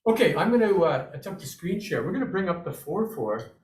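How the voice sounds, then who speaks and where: This drumming instructor teaches snare drum online, walking through scores and vocalizing the rhythms in an upbeat, encouraging way. His voice is a little high and a little mellow, fairly quick, with big pitch swings. The video call audio sounds roomy and slightly distant, with a little hiss or hum.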